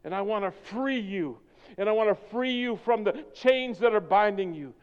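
A preacher voicing God as a mighty, loving deity who speaks with bold reassurance. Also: male voice, extremely high pitch, steady tone, slow pace, a bit bright, raised voice, highs cut off, pitched above the performer's own voice, full character voice. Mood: tender. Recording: long hall reverb.

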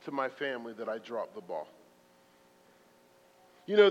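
A man preaching a sermon in a church, telling stories in a conversational, self-deprecating way with sudden loud bursts. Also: high voice. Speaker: pastor. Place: church sanctuary. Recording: muffled reverberant hall recording.

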